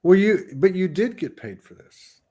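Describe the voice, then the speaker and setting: A man's voice: high voice, very animated, normal speed, dark tone. A man hosting a casual interview, offering short affirmations and reflective comments. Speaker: host.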